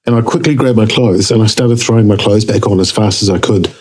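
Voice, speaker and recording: Kiwi guy, lowish voice, animated storytelling, goes way up in pitch doing other people's lines. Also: normal speed, rough recording. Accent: New Zealand. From New Zealand. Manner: animated, jumps up in pitch acting out dialogue. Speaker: guest. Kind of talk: casual storytelling.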